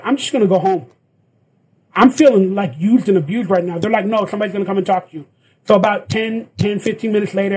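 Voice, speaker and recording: A man's voice: high voice, husky, low-quality recording. A man telling a story in casual chat, acting out the lines of the people in it. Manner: animated, acts out quoted lines. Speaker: guest actor.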